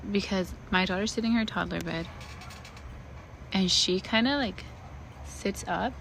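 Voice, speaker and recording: A woman's voice: fairly low pitch, bright, forceful tone, a little hiss or hum, poor audio. A young woman telling a frightening personal ghost story, casually and with lots of swearing. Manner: swearing, rambling, frightened retelling. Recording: music bed underneath.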